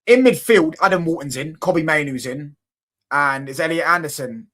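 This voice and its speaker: A young man's voice sits on the high side, sharp in tone and at a normal speed, as he hosts a casual football live stream. He banters with viewers' comments, repeats himself, and often asks if you get what he's saying.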